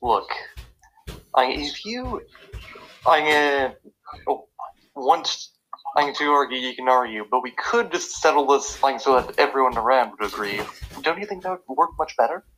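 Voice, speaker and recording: A man putting on an annoyed, motherly ranger who gently scolds two squabbling people. The voice is bright and sharp, with a patient, lecturing manner. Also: mid-range voice, lively intonation, normal speed, pauses often, soft background music, natural voice, low-quality recording.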